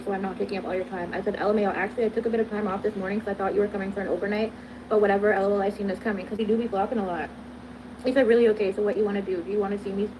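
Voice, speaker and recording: A young woman recounting a text exchange in casual, exasperated storytelling. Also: mid-range voice. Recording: noisy background in the clip.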